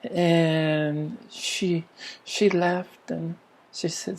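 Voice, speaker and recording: A man's voice: fairly high pitch, expressive, a little slow, pauses often. Older man, spiritual teacher, meandering storyteller who restarts his sentences. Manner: rambling, musing, with frequent restarts and soft laughs. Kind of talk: reflective storytelling talk.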